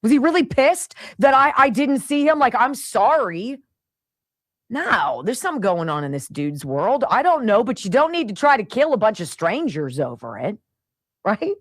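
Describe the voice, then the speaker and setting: Woman radio host, fifties, lively swooping pitch, dry studio sound, chatty storyteller. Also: normal speed, dry recording. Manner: chatty, animated storytelling with sound effects and laughs. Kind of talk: casual monologue.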